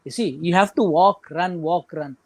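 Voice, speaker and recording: A man's voice: high voice, moderate pace, a little mellow, dry recording. A middle-aged Indian man with an Indian English accent, a guest runner telling his story in a casual interview, full of "you know" and "like".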